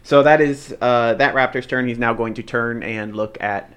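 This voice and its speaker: A man narrating a tabletop role-playing game as game master, relaxed and halting, with many fillers. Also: medium pitch, smooth.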